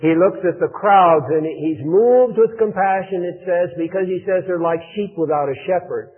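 A man delivering a slow, earnest sermon, reading scripture and dwelling on key phrases. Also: high-pitched, husky. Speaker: preacher. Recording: tinny phone-like radio broadcast.

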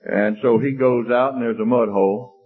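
A man's voice: mid-range voice, fairly even intonation, normal speed. A man preaching a sermon with an emphatic, repetitive cadence, telling a homespun story and then leading a prayer. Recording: husky voice over tinny phone-like line with faint music.

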